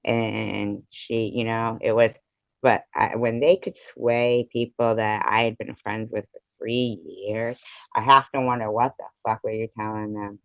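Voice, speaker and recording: A man's voice: on the low side, little pitch movement, unhurried, creaky, clean tone, no echo. A man live streaming, ranting at his viewers in a profane, rambling and confrontational way. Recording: dull lo-fi live stream audio.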